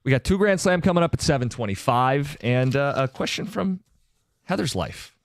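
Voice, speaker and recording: A man hosting sports talk radio in a studio, briskly reading listener texts and news statements aloud. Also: medium pitch, big pitch swings, no echo.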